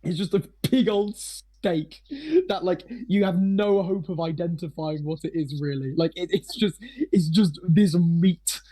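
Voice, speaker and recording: A high-pitched man runs a tabletop game with loose, rambling narration. He swears freely, laughs often and fills every gap with fillers. His voice sounds slightly hoarse. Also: measured pace, warm tone. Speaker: game master.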